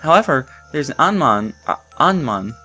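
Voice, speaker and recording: Brief: man doing a polite young woman, soft and formal, voice pushed up high. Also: big pitch swings, moderate pace, soft background music, full character voice. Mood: explaining. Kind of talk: reading game dialogue aloud.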